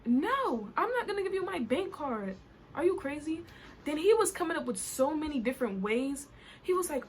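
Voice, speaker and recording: A young woman with a Caribbean accent tells an indignant, animated story in a casual vlog. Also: high voice, moderate pace. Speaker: vlogger. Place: New York.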